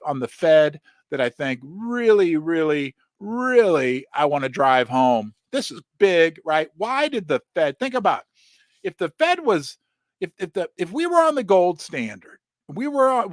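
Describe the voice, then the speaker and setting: A middle-aged man hosting a casual livestream about precious metals, animated and rambling, talking straight to his viewers. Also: on the high side, dry recording, studio quality. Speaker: host of a precious metals channel.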